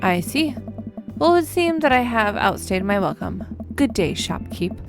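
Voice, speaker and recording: A haughty, overdressed gentleman from a dating game, all stiff formality and slow, lofty diction, put on by a woman. The voice is gravelly and swoops widely in pitch. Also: very animated, music in the background. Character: pompous theatrical man in Victorian coat.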